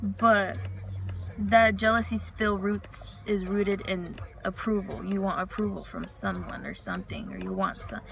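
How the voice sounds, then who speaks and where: A woman's voice: mid-range voice, unhurried, vocal fry, a bit bright. A young woman venting in a frank, rambling way with lots of swearing, recorded from inside a car. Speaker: vlogger. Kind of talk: casual venting monologue.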